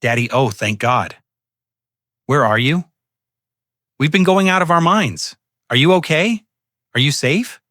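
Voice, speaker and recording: Man doing a breathy, fake-sweet pleading daughter. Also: fairly high pitch, animated, measured pace, long pauses, fairly bright tone, no room sound, studio quality, pitched above the performer's own voice. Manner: breathy, wheedling.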